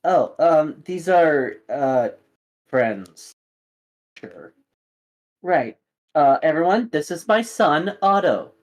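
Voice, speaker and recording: A woman's voice: sits low, lively intonation, takes it slowly, pauses often, darkish tone, pitched above the performer's own voice. A man voicing a polite, fussing middle-aged mother who welcomes guests into her kitchen. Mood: flustered. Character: friendly middle-aged mother, poofy-haired host.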